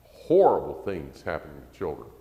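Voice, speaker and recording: A man's voice: rumbling low, sing-song, moderate pace, mellow. A man preaching a conversational sermon, acting out quotes and rising to emphasis. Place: church sanctuary. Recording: echoey church hall.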